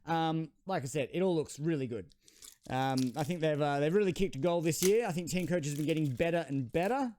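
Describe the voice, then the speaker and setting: A man's voice: fairly high pitch, brisk, darkish tone, slight background noise. A man with an Australian accent hosting a trading card channel, giving rambling, self-deprecating unboxing commentary.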